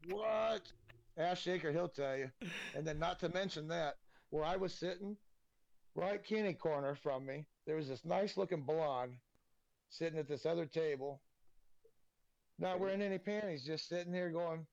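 Man, podcast guest, rambling anecdotes, profane, slightly high voice, muffled lo-fi audio. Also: normal speed, creaky, a little mellow, no room sound. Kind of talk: casual storytelling.

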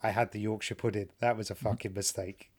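A man's voice: on the low side, a little fast, husky. A man, a comedian, co-hosting a podcast in a joking, self-mocking casual chat. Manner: lively, jokey, self-mocking.

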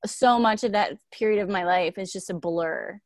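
A woman's voice: medium pitch, normal speed, no echo, studio quality. A young woman in casual chat, telling candid personal stories and saying "like" a lot. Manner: candid, lots of "like", emotional storytelling.

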